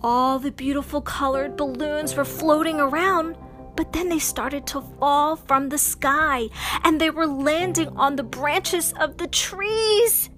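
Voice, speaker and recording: High-voiced woman telling a kids' bedtime story, slow and lilting, soft music behind. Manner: slow, sing-song, dramatic ups and downs. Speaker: children's storyteller. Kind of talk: bedtime story narration for children.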